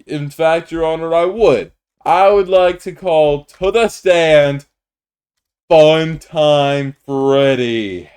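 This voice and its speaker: A man's voice: on the high side, takes it slowly, a little mellow, clear, resonant tone, pitched above the performer's own voice. A man voicing a zealous, pompous male prosecutor in a Minecraft roleplay, announcing in a theatrical, emphatic way.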